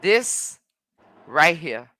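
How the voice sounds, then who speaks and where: Reading viewer comments on her live stream, a sassy host chats casually in a bright voice that sits low and has a sing-song lilt. She's combative, stretching out her "mm-mms" and calling people "baby" and "honey."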